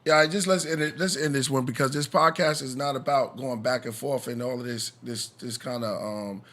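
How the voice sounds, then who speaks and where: A man's voice: medium pitch, fairly even intonation, normal speed, a bit bright. Laid-back male podcast host. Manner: laid-back, mediating, brief affirmations. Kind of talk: live podcast hosting.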